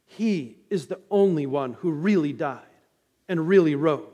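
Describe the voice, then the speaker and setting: High-voiced preacher in a reverberant church. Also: male voice, lively intonation, a little slow, mellow. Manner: dramatic storytelling preacher, rising and falling intensity. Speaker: pastor. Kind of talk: sermon. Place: church sanctuary. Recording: long reverb of a church hall.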